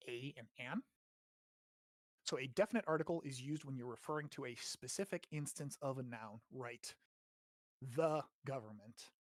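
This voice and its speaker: An American man hosts a laid-back grammar lesson, explaining things chattily, frequently checking in with "right?" and cursing occasionally. His voice sits in the mid-range, with no echo and studio-quality sound.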